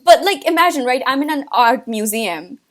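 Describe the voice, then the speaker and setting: A woman's voice: high voice, expressive, moderate pace. A young woman co-hosting a podcast, chatting casually in a playful, dramatic way with frequent laughter. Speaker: podcast co-host. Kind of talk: casual chat.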